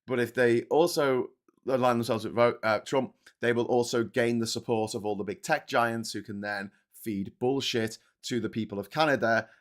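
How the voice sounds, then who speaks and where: A man's voice: medium pitch, moderate pace. Blunt, sweary man hosting. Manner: blunt and sweary, reads viewer comments aloud, animated asides. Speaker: host of a morning politics livestream. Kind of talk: casual political commentary.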